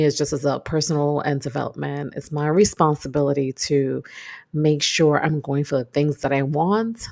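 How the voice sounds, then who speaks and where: A woman's voice: sits low, a little mellow. A woman from Brooklyn with a New York accent, hosting a podcast in reflective, chatty casual talk. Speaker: podcast host. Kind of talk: casual solo podcast chat.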